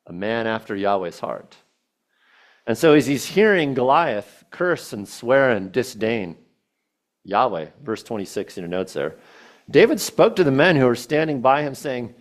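Male preacher, mid-pitched, lively intonation, casual storytelling sermon. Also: measured pace. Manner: animated storytelling, casual asides, quoting scripture.

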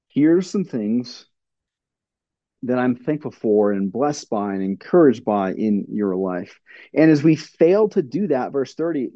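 A middle-aged male pastor gives a plainspoken teaching talk, earnest and full of fillers and restarts. His voice is mellow and dark, recorded dry and a little dull. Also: mid-range voice, dry recording. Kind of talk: sermon-style teaching with audience questions.

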